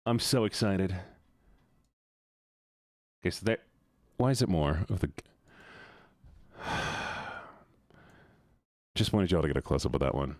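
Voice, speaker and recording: A man's voice: very deep voice, lively intonation, moderate pace, pauses often, a little mellow, no room sound, clean studio sound. A man streaming live, reacting to viewer submissions in casual chat, often sighing, swearing and repeating himself in exasperation.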